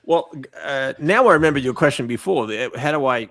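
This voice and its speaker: Animated Australian man telling stories. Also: medium pitch, fairly quick. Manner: animated storyteller, repeats words when starting. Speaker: guest photographer. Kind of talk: casual podcast interview.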